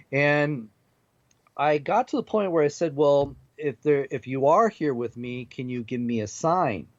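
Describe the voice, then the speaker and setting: A man's voice: medium pitch, no echo, muffled recording. A man, a guest paranormal investigator on a talk radio show, telling a story with animation and laughing at himself. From Seattle area. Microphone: remote call.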